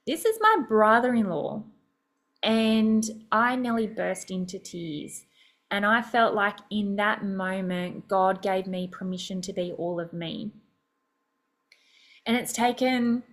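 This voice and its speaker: Brief: woman podcast host, unhurried delivery, casual chatty storytelling, reflective. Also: mid-range voice. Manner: chatty and reflective, many fillers and small laughs.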